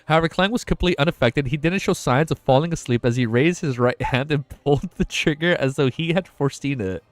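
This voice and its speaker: Excitable young man streamer, dry close mic. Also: on the high side, quick pace, no echo. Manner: excitable, swears, laughs and shouts in reaction to the story. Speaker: streamer reading a web novel aloud. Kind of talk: live-stream read-along with reactions.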